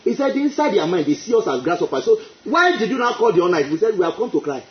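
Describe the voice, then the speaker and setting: Male preacher, high animated voice, emphatic repeats, echoey lo-fi recording. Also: fast talker. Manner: emphatic, repeats phrases, exclaims praise. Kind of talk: sermon. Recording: echoey, dull lo-fi.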